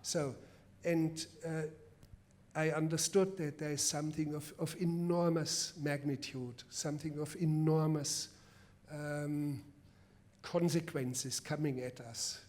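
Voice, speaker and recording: A man with a German accent, a film director at a public masterclass, answering a question with a deliberate, emphatic anecdote. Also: on the high side, fairly even intonation, darkish tone. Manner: deliberate, emphatic storytelling with restarts. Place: festival event before a live audience.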